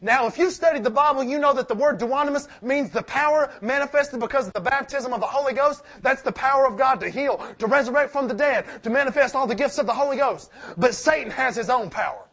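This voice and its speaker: A man preaching a sermon, swinging from loud emphatic points to quiet asides and asking rhetorical questions he answers himself. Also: very high voice, fast, hardly any pauses.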